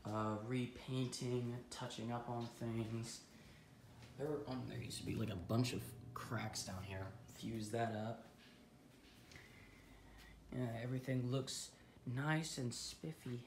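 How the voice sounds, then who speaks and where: A man's voice: mid-range voice, slow pace, long pauses, slight background noise. A man vlogging a casual tour of his home, talking in a rambling, hesitant, offhand way. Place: at home, indoors.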